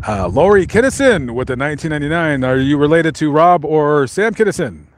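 This man's slightly high voice is brisk, with lively intonation. As a vlogger reading live chat, he strolls around talking casually to viewers, rambling through plenty of fillers and false starts.

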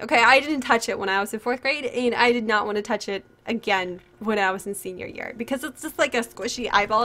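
Young woman streamer with a high, bright voice, chatty and loose, filler-heavy, drifts off to answer chat. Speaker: livestreamer. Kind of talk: casual storytelling on a livestream.

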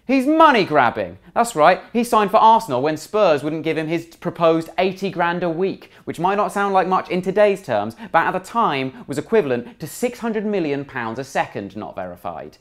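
A man's voice: a little high, big pitch swings, moderate pace. A young man, a comedian hosting a fan channel and delivering a sarcastic, mocking comic rant to camera. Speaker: comedian host.

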